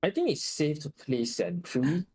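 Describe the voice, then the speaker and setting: A man's voice: on the high side, lively intonation, unhurried, a little mellow, husky. A man from Malaysia or Singapore, co-casting a live esports match, talks through plays in a hesitant, analytical way. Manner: hesitant, analytical, lots of "like" fillers. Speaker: guest co-caster.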